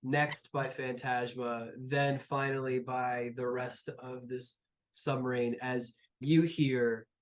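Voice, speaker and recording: A man's voice: medium pitch, level tone, slow pace. A man narrating a tabletop game as game master in a rambling, casual way full of fillers.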